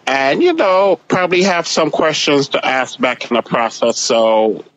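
A man's voice: a little high, animated, measured pace, a bit bright, dull audio. Sassy, blunt man as a guest. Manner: sassy, blunt, with bold punchy advice. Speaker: podcast guest. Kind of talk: casual chat.

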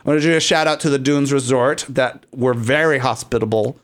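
A man's voice: medium pitch, a little fast. A man co-hosting a podcast in campy, playful casual chat, laughing often. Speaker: podcast co-host.

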